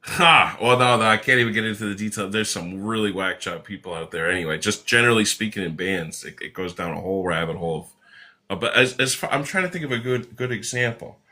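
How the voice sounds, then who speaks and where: A man, an author and musician, guesting on an interview show and telling rambling, animated anecdotes full of restarts and the odd swear. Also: on the low side, fast talker. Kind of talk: casual storytelling in an interview.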